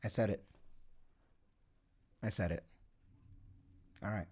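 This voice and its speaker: A man's voice: on the high side, wildly swooping pitch, takes it slowly, long pauses, breathy edge. A young man hosting a casual livestream, rambling, swearing and chatting to viewers. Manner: rambling, swears, laughs often. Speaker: livestream host. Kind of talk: casual livestream chat reading the chat.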